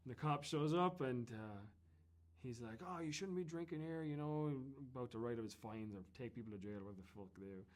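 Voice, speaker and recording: An Irish man telling anecdotes as an interview guest, in a chatty, animated way that often breaks into laughter. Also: mid-range voice, brisk. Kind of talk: casual storytelling.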